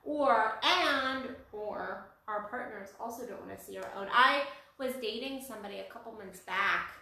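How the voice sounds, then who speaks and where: A woman with a bright, somewhat high voice chats casually and picks up her partner's thoughts. She sounds distant from the mic, in a very echoey room. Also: moderate pace, gravelly. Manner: agreeable, echoes and finishes the other's lines. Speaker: podcast co-host. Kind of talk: casual chat.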